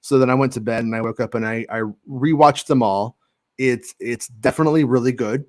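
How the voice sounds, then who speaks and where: A man's voice: mid-range voice, a little fast, no room sound, studio quality. A man hosting a podcast in casual chat, joking and rambling, with many restarts. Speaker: podcast host.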